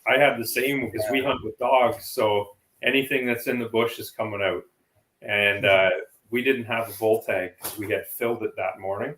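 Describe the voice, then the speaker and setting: A man in casual conversation on a live show, telling a lively hunting story. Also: on the low side, moderate pace. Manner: lively storyteller who acts out what he said. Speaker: panel speaker. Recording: roomy echo.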